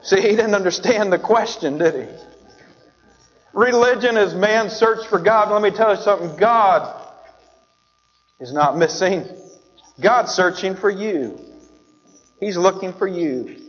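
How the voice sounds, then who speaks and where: A man gives a sermon as pastor, telling a story and voicing its characters along the way. His voice sits high, and the sound is dull, with a long reverb from the church hall. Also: a little slow, long pauses. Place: church sanctuary.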